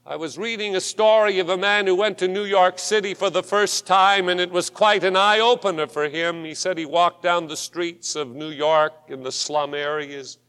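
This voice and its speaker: A man preaching a sermon as pastor, with rising fervor and dramatic pauses. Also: high voice, steady tone, fairly bright tone, smooth. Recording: long hall reverb.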